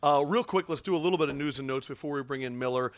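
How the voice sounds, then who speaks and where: A man co-hosting a casual sports podcast, energetic, joking and opinionated. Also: on the high side, racing, dry recording, clean studio sound. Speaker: podcast co-host.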